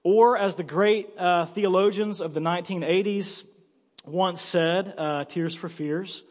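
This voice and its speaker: A man in his thirties preaching a sermon as pastor, telling a story in an animated, joking way. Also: high-pitched, unhurried. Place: church sanctuary. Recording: long church-hall reverb.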